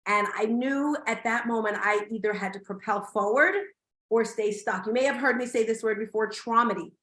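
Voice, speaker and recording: A middle-aged woman speaks with heartfelt emotion, pulling her listeners straight into her story. Her voice sits fairly high, and the sound bounces around a roomy space. It comes through a video call. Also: moderate pace, a bit bright. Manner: emotional, heartfelt, addressing audience directly. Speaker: summit host. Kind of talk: personal storytelling talk. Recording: echoey room.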